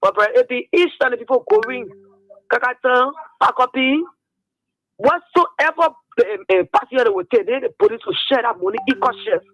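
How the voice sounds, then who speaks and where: A man's voice: extremely high pitch, lively intonation, normal speed, a bit bright, dry recording, muffled recording. A man with a Liberian English accent calling a radio show to complain, insistent and repetitive. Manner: insistent, repeats himself. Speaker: caller. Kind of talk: call-in complaint. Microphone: phone.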